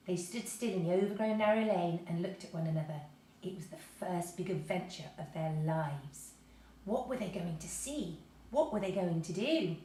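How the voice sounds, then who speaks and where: A woman reading a children's story aloud, lively and expressive. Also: on the low side. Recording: echoey room, mic at a distance.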